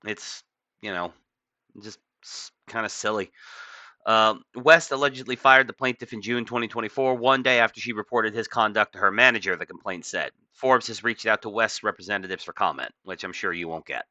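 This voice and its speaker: A man's voice: fairly low pitch, fairly quick, bright, forceful tone, dry recording. A man just woken up, casually commenting while reading a news article aloud, rambling with many fillers. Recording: dull lo-fi dry mic.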